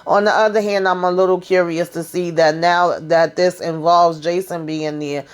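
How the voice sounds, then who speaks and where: A woman talks through a TV episode in a loose, casual recap. Her voice sits a little low, and she tells it in a sassy, chatty way with plenty of asides and quoted lines. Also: steady tone, normal speed, smooth. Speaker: TV show recap vlogger.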